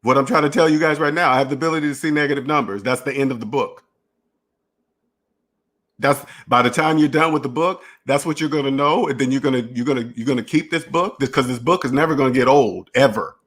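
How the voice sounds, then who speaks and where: A man's voice: mid-range voice, quick pace, fairly bright tone. A man hosting a finance channel, talking in a rambling, repetitive solo monologue and acting out imagined dialogues. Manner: repetitive, restarts phrases, emphatic.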